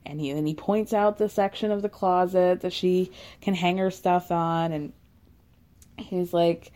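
A woman chatting through a reality show recap with a mellow, warm tone. Her delivery is gossipy and sarcastic, and she slips in giggly asides. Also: fairly low pitch, steady tone, a little slow.

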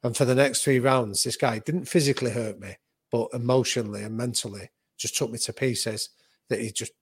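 A man recounting a story in a dry, close-sounding recording. He tells it in vivid, anecdotal detail, restarting quickly when the words run ahead of him. His voice sits at an ordinary middle pitch. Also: slightly rough, dry recording. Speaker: boxing coach and author. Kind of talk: animated conversational storytelling.

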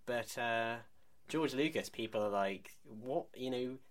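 A man's voice: mid-range voice, unhurried, a little hiss or hum. A man co-hosting a casual film podcast, joking and sardonic, often laughing. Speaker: podcast co-host.

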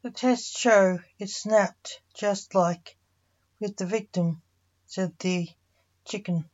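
A woman reading a fantasy story aloud, voicing all the characters in a mostly even narrating voice. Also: medium pitch, slow pace. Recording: muffled lo-fi recording.

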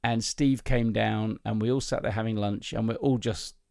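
A man's voice: lowish voice, fairly even intonation, normal speed, vocal fry, darkish tone, no echo, clean studio sound. A man hosting a podcast, chatting casually and telling jokes, rambling and laughing often. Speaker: podcast host. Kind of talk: casual chat, joke telling.

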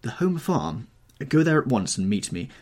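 A man's voice: mid-range voice, very animated, normal speed, darkish tone, voice pushed up. A man voicing an anxious, haughty young aristocrat in an audiobook reading, rising to urgent alarm.

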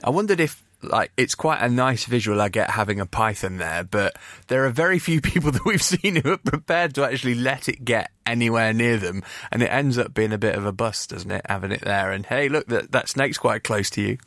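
A man's voice: medium pitch, animated, fairly quick, fairly bright tone, no echo. A man hosting a podcast, chatting casually and wryly in a wrestling review. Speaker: podcast host. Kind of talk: casual wrestling review chat and host reads.

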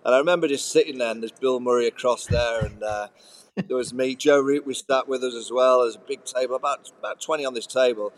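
A man's voice: mid-range voice, fast talker. A man, a podcast co-host, telling rambling anecdotes in a casual chat, listing details with fillers. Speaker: co-host, former cricketer.

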